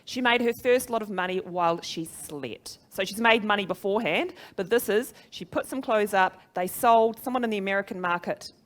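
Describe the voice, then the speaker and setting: A woman's voice: mid-range voice, moderate pace, few pauses. A middle-aged woman with a New Zealand accent giving a chatty, upbeat live presentation to an audience and laughing at her own jokes. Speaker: conference speaker.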